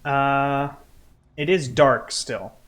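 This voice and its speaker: A man acting as game master, calling for dice rolls and narrating results in a relaxed, laughing manner. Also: mid-range voice, very slow. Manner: easygoing, laughs often, calls for rolls. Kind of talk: running a tabletop game.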